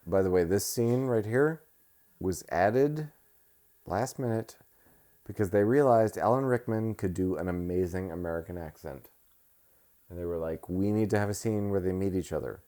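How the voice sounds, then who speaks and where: A man's voice: low-pitched, moderate pace, warm tone. A man co-hosting a casual movie review, joking playfully while watching the film.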